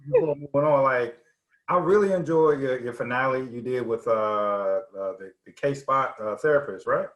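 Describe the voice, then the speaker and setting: A man interviewing a guest in a relaxed, casual way, with lots of filler words. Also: mid-range voice, moderate pace, reverberant, rough recording.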